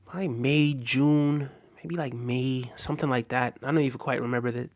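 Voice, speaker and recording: A man's voice: mid-range voice, fairly even intonation, moderate pace. Rambling man hosting a casual livestream. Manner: repeats himself, asks "right?" often, many fillers. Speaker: livestream host reading viewer comments.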